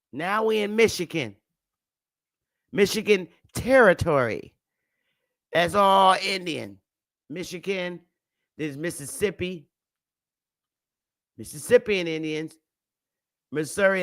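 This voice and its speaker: A woman chatting to her livestream audience in a loose, profane, casual way, breaking into laughter often. She talks slowly, in a bright, forward voice. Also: mid-range voice. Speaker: livestream host.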